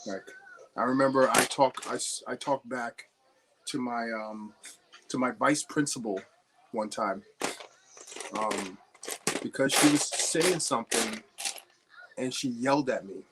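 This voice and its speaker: A man's voice: medium pitch, a little slow, pauses often, very noisy. Chatty young man rambling while building. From New Jersey. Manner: rambling anecdotal storyteller, chats with viewers. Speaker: livestream host. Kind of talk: casual chat while building.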